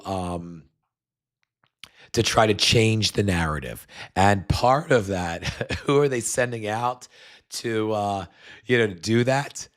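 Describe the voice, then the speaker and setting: A man hosting a political commentary show, ranting scornfully with profanity and many restarts while getting over a cold. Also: on the low side. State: recovering from a cold. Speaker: podcast host.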